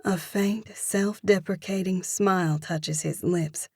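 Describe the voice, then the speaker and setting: A woman narrating a first-person romance audiobook, in a measured, expressive manner. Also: fairly low pitch, no echo, clean studio sound.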